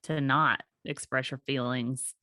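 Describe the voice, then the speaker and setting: A woman with a very low voice talks in a chatty, empathetic way as a podcast host. Her sound is dry and close to the mic. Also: steady tone, a little slow, bright, forceful tone, dry recording. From US South. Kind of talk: casual conversation.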